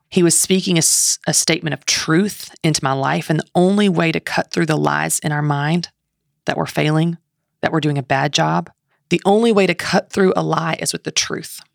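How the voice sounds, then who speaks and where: A woman's voice: deep voice, fairly even intonation, moderate pace, vocal fry, no room sound, studio quality. A woman in her thirties, a guest on a faith podcast, telling a story with passion and acting out inner voices. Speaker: guest author and speaker.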